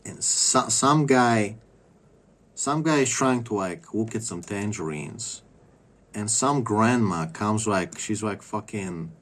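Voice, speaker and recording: A young man talking in a casual, rambling monologue, swearing often and stumbling over restarts as he rants. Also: mid-range voice. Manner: profane, rambling, halting with restarts. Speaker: vlogger.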